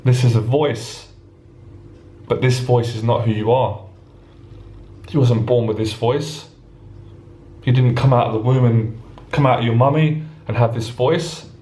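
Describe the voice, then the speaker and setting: A man's voice: mid-range voice, fairly even intonation, a little slow, long pauses, warm tone. A man coaching on social anxiety in an earnest, passionate monologue, acting out anxious thoughts. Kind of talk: motivational monologue to camera. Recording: roomy echo.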